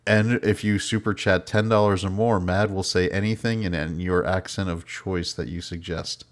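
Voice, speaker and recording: Very low male co-host, loose laughing chat delivery. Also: steady tone, moderate pace. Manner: laughs often, loose and chatty. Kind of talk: casual podcast chat.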